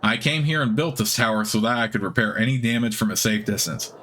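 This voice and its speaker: A man's voice: on the low side, quick pace, a bit bright, a little hiss or hum, close to an everyday voice. A man voicing an elderly, lonely male wizard who is eager and talkative, read aloud from a game's dialogue. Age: older.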